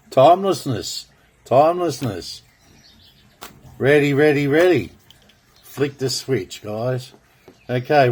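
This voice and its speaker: A man speaks at a very slow, unhurried pace. He rambles in a monologue of grand proclamations, repeating phrases as he draws cards. His voice sits at a medium pitch. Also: a little mellow, breathy edge. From Australia. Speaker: video blogger.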